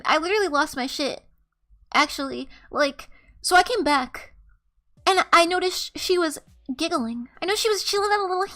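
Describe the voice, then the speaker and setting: A young woman streamer casually telling a story to her chat, animated and swearing freely, often breaking into laughter. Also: high-pitched.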